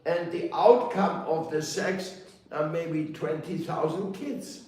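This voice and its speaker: A man giving a sermon as a spiritual teacher, telling stories playfully with laughter and quick mock voices. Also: a little high, a little mellow. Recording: roomy echo, heard from a distance.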